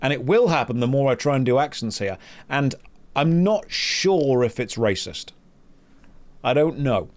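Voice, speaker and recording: A man's voice: mid-range voice, lively intonation, measured pace. A British man chatting casually and joking while streaming a game. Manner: joking, rambling. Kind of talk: casual gameplay chat.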